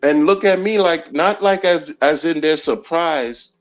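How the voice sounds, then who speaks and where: A man hosting a casual crypto livestream, talking in an animated, slangy way with lots of repeated phrases. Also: fairly high pitch, measured pace. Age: adult. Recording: dull lo-fi audio with faint music.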